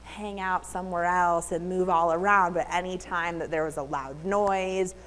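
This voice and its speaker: A woman giving an animated, chatty talk at a public library, now and then slipping into a high baby voice. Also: normal speed, long reverb tail. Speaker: library presenter. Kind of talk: community talk with slides. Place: public library meeting room.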